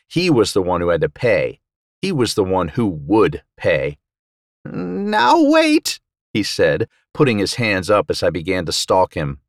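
Wry man narrating an audiobook, lively. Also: low-pitched, dry recording, studio quality. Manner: wry, sardonic, swings between loud outbursts and muttered asides. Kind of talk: first-person audiobook narration.

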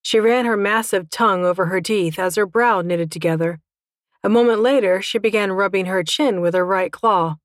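A woman's voice: on the low side, moderate pace, dry recording. A woman narrating a first-person story with a wry, dry humor. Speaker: audiobook narrator.

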